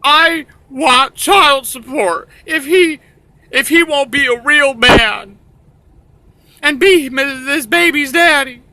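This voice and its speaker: A man plays a shrieking young woman from a trash talk show. She is shrill and demanding, pitched far above a man's voice, with a bright, cutting edge. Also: slow pace, slight background noise, exaggerated voice.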